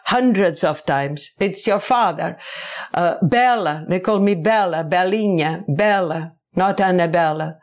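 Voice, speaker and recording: Slow, halting woman. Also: lowish voice. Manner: halting, searching for words, many restarts. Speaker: interview guest, author. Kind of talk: interview.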